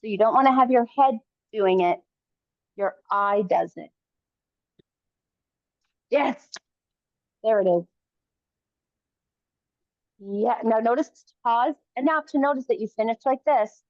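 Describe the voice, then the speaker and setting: A woman coaching a kettlebell workout live, giving calm encouraging cues in short phrases. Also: on the high side, slow pace, pauses often, no echo, highs cut off. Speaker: fitness coach.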